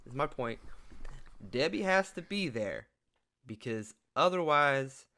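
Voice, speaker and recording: Emphatic guy playing a tabletop game, bouncy pitch, bright sound, swears a bit. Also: lively intonation, unhurried. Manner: emphatic, swears, laughs a lot. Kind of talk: in-character tabletop game talk.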